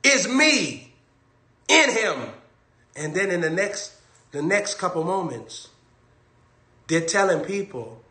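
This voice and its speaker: A man's voice: high-pitched, very animated, slow, pauses often, bright, forceful tone, reverberant. A man preaching a sermon on a livestream, emphatic and repetitive, hammering his key phrases over and over.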